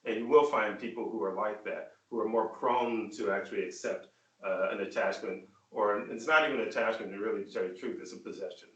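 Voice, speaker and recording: Host, male, lowish voice, halting and rambling, mic far off in a roomy space. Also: a bit bright. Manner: rambling, halting, with many filler sounds. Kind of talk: casual discussion.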